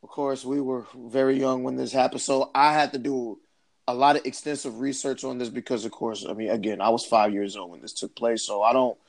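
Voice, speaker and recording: Gravelly, easygoing man hosting a podcast. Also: mid-range voice, flat delivery, fairly quick. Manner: rambling, hesitant, with many fillers. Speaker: podcast host. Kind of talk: casual podcast chat.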